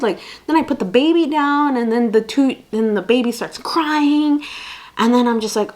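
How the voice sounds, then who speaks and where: A young mother vlogs in an unscripted, rambling way and packs her talk with fillers. Her voice sits a little high and swings widely in pitch. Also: expressive, moderate pace. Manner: rambling, chatty, many fillers. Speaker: vlogger and mother. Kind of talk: unscripted casual chat.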